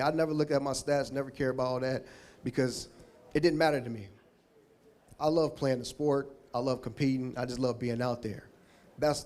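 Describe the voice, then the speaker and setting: A man's voice: mid-range voice, darkish tone. A man giving a heartfelt, rambling Hall of Fame acceptance speech, thanking people one by one.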